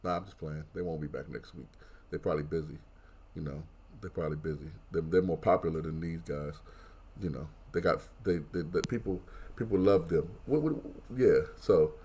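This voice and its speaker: A man guest-hosting a wrestling podcast, talking in casual banter with animated, mock-outraged rants. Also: deep voice, fairly quick, breathy edge.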